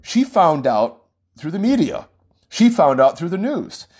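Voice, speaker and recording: A man's voice: fairly high pitch, very animated, a little slow, darkish tone, slightly rough. A man hosting a show, giving a casual, rambling political commentary monologue with frequent chuckles.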